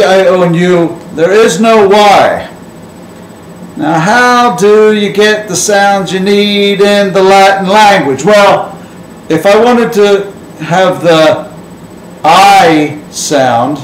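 A man's voice: sits high, slow pace, a little hiss or hum. A man teaching a Latin lesson at a board, playfully drawing out vowel sounds to demonstrate them. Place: classroom. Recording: echoey room with faint ambience.

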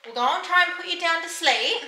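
A woman's voice: very high voice, lively intonation, fast talker, sharp tone, rough recording. A young woman chatting casually in a vlog while tending her baby, often slipping into coaxing sing-song talk to the infant, recorded on a phone in a bedroom. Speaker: vlogger, mother of a baby. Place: baby's bedroom, indoors. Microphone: phone camera held by hand.

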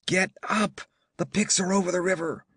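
Urgent young frontier settler, voiced by a man, quick and insistent, dry recording. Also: fairly low pitch, expressive, husky, dry recording. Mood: alarmed. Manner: urgent, shouting warnings.

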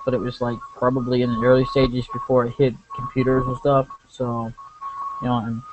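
Rambling man with lo-fi game commentary. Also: medium pitch. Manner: rambling, many fillers and restarts. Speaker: let's play commentator. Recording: muffled lo-fi with faint hiss.

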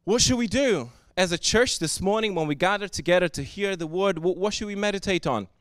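Guy preaching, high voice, dry close sound, gets loud and emphatic. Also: expressive, fairly quick, clear, resonant tone, dry recording. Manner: earnest, swings from soft to loud and emphatic. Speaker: pastor. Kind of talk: sermon. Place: church service.

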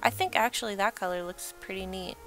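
A woman's voice: mid-range voice, a little fast, a bit bright, faint music behind. A young woman giving casual, rambling let's-play commentary while she builds, chatting and laughing at herself. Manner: chatty, rambling, self-deprecating, laughs often.

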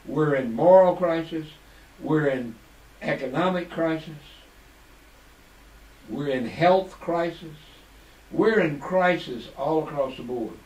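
A man hosting a talk show, preaching to listeners in slow, emphatic phrases and dropping to quiet asides when he is unsure. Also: on the high side, echoey room, distant mic, poor audio. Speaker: radio talk show host.

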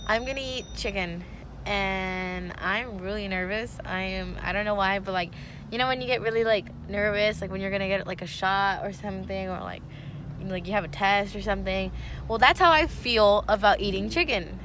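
A woman's voice: mid-range voice, a little fast, noisy background. A woman vlogging in a casual, giggly way, rambling with lots of "like". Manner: giggly, rambling, says "like" a lot. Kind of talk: casual vlog chat.

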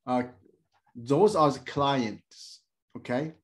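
A male instructor explaining networking in a halting, plain way, with many fillers and everyday comparisons. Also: medium pitch, lively intonation. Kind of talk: screen-share tech lesson.

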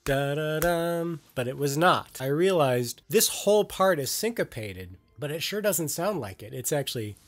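A man talking through a music lesson in a relaxed, conversational way, explaining ideas step by step. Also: on the high side, normal speed, few pauses. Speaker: music educator.

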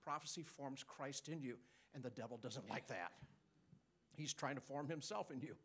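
A man's voice: mid-range voice, moderate pace, a bit bright. A man preaching a sermon, teaching with call-and-response and chuckles.

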